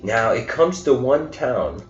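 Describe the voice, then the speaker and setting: A man's voice: medium pitch, big pitch swings, slow. A man giving a casual storytelling lecture, rambling and acting out the quoted lines with rising intensity. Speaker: spiritual lecturer. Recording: roomy, dull lo-fi recording with faint music.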